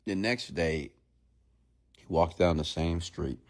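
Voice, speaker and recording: Emphatic low-voiced motivational preacher. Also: male voice, takes it slowly. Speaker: motivational speaker. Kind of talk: motivational sermon.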